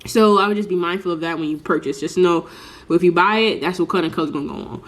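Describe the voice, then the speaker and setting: A woman's voice: lowish voice, quick pace. Congested woman in a chatty craft vlog. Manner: chatty, rambling with many fillers. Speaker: small business crafter. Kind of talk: casual tutorial vlog.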